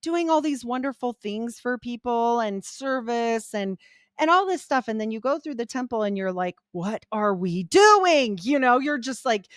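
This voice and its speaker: A middle-aged woman, a podcast guest, telling her life story in a candid, animated way. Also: a little high, normal speed, smooth, dry recording, studio quality. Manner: animated, quotes people in voiced asides.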